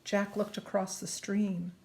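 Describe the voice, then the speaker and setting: A woman reading a children's chapter book aloud. She reads slowly and deliberately and drops to a whisper at hushed moments. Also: medium pitch, level tone, creaky. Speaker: storybook reader.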